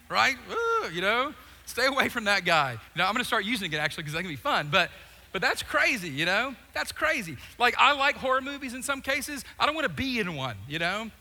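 Male pastor, lively comic storyteller, long hall reverb. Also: very high voice, fast. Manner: animated storytelling with jokes and acted-out voices. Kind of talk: sermon.

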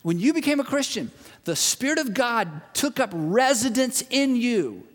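A man preaching a sermon to a large congregation, telling stories in a relaxed, conversational way and retelling a friend's words. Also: very high voice, normal speed. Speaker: pastor. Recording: long reverb of a large hall.

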